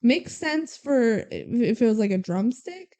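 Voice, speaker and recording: Bubbly young woman recapping a movie. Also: a little high. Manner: animated retelling, quick mimicking of characters. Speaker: podcast co-host. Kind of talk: casual movie recap chat.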